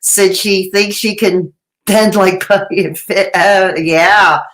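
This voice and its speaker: A woman's voice: medium pitch, fairly even intonation, takes it slowly, a bit bright. Woman host, live-stream chat reader, wry and talkative, mid-range voice. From Canada. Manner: sarcastic, chatty, laughs often. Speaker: commentary livestream host.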